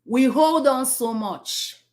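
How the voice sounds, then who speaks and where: A woman's voice: high-pitched, takes it slowly. A woman giving an inspirational talk, repeating phrases for emphasis and asking rhetorical questions. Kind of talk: slow, preachy motivational talk.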